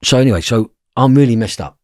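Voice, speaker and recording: A man's voice: medium pitch, expressive, fast, no echo, clean studio sound. A man, a podcast guest telling a personal story in a blunt, emotional way and swearing freely. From London.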